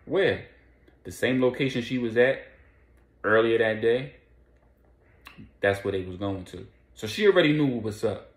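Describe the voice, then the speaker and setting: A man casually recapping a crime storyline in loose street slang, now and then voicing quoted lines in quick bursts. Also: medium pitch, lively intonation, roomy sound.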